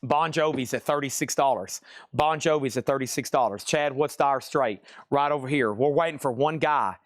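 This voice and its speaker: A man hosting a live online record sale, firing off prices and titles in quick, excitable patter. He keeps breaking into exclamations. His voice sits close and dry, with no room sound around it. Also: medium pitch, no echo. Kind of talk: live-stream sales patter.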